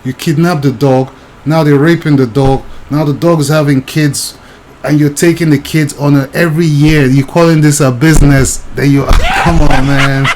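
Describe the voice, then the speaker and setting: A man's voice: on the high side, steady tone, moderate pace, a little mellow, slight background noise, poor audio. A young man, ranting agitatedly and talking straight to the viewer in video commentary.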